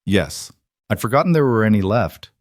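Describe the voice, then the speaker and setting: A determined frontier widow, quiet but firm, voiced by a male narrator. The voice sits fairly low and the sound is dry. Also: big pitch swings, moderate pace, no room sound.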